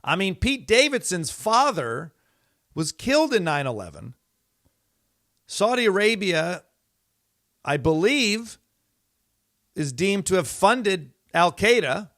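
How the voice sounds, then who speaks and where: A man's voice: high-pitched, big pitch swings, takes it slowly, long pauses, a bit bright, no room sound. Exasperated male podcast host, dry close mic. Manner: rambling, exasperated, many fillers and restarts. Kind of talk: casual monologue.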